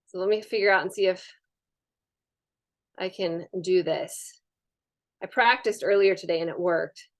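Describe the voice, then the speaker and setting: A woman's voice: on the low side, fairly even intonation, unhurried, pauses often. A woman presenting a live online wellness workshop over a video call, chatty and upbeat with frequent fillers.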